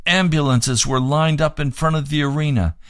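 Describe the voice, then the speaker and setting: A man's voice: on the high side, steady tone, moderate pace, clean tone, no room sound, clean studio sound. A man preaching on the radio, reading aloud from a book and making fervent, pleading appeals for donations.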